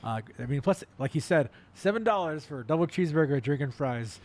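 A man's voice: on the high side, lively intonation, quick pace, a little mellow. A man from California hosting a casual podcast, laughing often and explaining things for his listeners. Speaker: podcast host. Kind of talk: casual chat.

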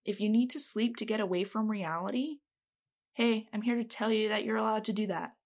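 A woman's voice: mid-range voice, fairly even intonation, fairly quick. A woman giving casual self-help advice to camera. She is blunt and feisty, swears freely and stresses her points hard. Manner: feisty, emphatic.

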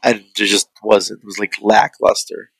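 A man in a casual chat about a film, talking in a rambling, profane, animated way. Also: lowish voice, normal speed, gravelly, dry recording, low-quality recording. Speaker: podcast co-host reviewing a film.

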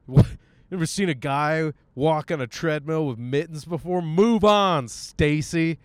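A podcast host rambles casually from his car while driving, with a medium-pitched male voice and a clean tone. He's jokey and self-mocking, swears a lot and drops in silly voiced asides.

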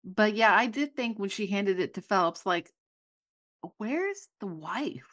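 A woman's voice: medium pitch, normal speed, a bit bright, no room sound, clean studio sound. A woman co-hosting a podcast, chatting casually about a TV show, gushing and trailing off mid-thought. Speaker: podcast co-host. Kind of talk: casual chat.

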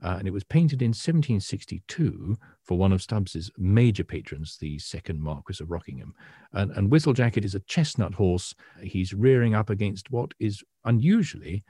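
A British man co-hosting an art podcast, explaining paintings in a self-deprecating, hesitant way with many pauses. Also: lowish voice, expressive, mellow, husky, no room sound, clean studio sound. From Britain. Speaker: podcast co-host, art historian. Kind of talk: casual chat.

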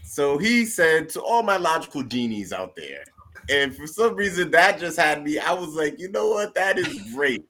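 A man's voice: on the high side, sing-song, normal speed, fairly bright tone. Laid-back man co-hosting a podcast. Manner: laid-back, joking, repeats phrases. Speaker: podcast co-host. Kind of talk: casual chat.

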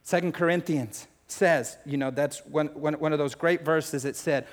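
A man preaching a sermon, emotional, shifting between loud urgency and hushed confession, talking to the crowd as folks and family. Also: fairly high pitch, steady tone, moderate pace, few pauses. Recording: long hall reverb.

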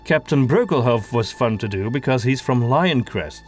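A man from Belgium explains how he made his audio drama, with dry touches of humor. His pitch moves in a lively way. Soft music plays quietly underneath. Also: moderate pace. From Belgium (Antwerp). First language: Flemish. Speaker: audio drama creator and voice actor. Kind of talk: behind-the-scenes commentary.

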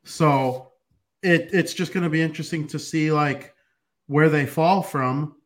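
A young podcast host with a fairly high voice talks a little slowly on his casual sports show. He rambles and jokes his way along while dealing with hiccups.

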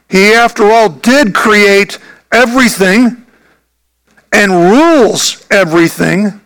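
A man, a pastor, preaching a sermon earnestly and emphatically, with a gravelly voice. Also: sits high, takes it slowly, a bit bright, poor audio.

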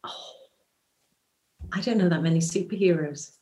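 A woman's voice: fairly low pitch, moderate pace. Middle-aged woman, stage actress, chatty, many restarts, interview guest. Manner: chatty, warm advice with many restarts and "you know". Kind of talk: casual interview chat.

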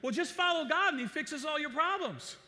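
High bright preacher guy, energetic sermon story, big echoey church hall. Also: fairly quick. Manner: energetic storytelling, calls to the congregation. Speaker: pastor.

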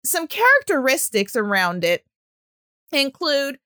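A woman speech-language pathologist with a high, bright voice talks in a chatty, animated way at a measured pace, explaining things casually and sprinkling in little fillers. The audio-only recording is dry and close, with no room echo.

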